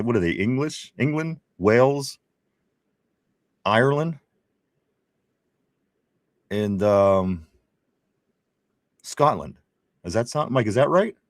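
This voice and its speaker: Male live-stream co-host, animated and joking, mid-range voice, dry close sound. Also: medium pitch, no room sound. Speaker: podcast co-host reading viewer comments. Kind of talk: casual live-stream chat.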